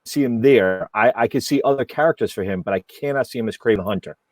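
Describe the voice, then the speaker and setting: Man, podcast panelist, blunt and emphatic, mid-pitched voice, dry sound. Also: quick pace, darkish tone, dry recording. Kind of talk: casual panel chat.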